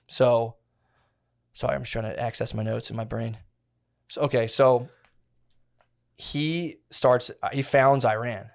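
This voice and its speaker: A man's voice: medium pitch, steady tone, unhurried, vocal fry, long pauses. A man on a podcast telling a long story in casual chat, rambling and slangy, with many restarts. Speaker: podcast co-host.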